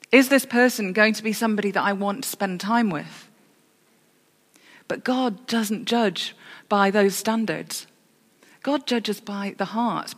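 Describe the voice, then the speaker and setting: Woman preaching in a reverberant church. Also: medium pitch. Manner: storytelling with self-corrections and dry humour. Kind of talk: sermon.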